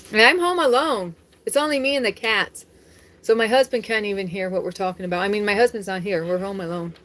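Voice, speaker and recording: A woman's voice: medium pitch, normal speed, long pauses, fairly bright tone. A woman chatting casually on a live stream from home, talking straight to viewers and laughing often.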